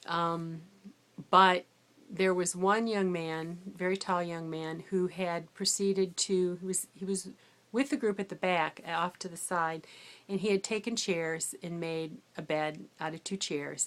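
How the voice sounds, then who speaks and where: A middle-aged woman, tired from a sleepless night, telling a rambling, chatty story about her day substitute teaching, and growing animated when she quotes herself. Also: lowish voice. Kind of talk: casual storytelling vlog.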